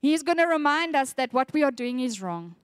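A woman's voice: sits high, sing-song, fairly quick, no room sound, studio quality. Earnest woman preaching a sermon. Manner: earnest, reflective, reads scripture aloud with feeling.

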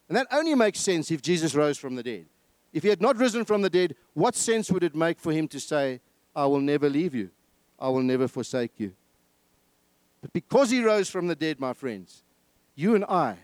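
A man's voice: high voice, darkish tone, no room sound. A man preaching a sermon in a church, telling a story earnestly and often repeating his words.

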